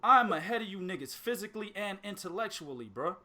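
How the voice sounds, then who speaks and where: A man hosting a boxing podcast, chatting casually, animated and profane, laughing often. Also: high voice, fast talker, a loud crowd. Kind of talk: casual chat.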